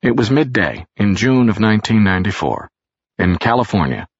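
A man reading an audiobook aloud as narrator, in a measured, steady manner, in a dull lo-fi recording. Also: sits low, dry recording.

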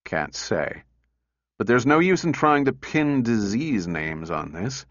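A gruff senior male engineer talks brisk and impatient, with a dry sardonic edge, as a man puts him on. His mid-range voice sits in a dry, slightly dull audiobook recording. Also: mid-range voice, sing-song, a bit bright, no room sound. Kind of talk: audiobook character reading.

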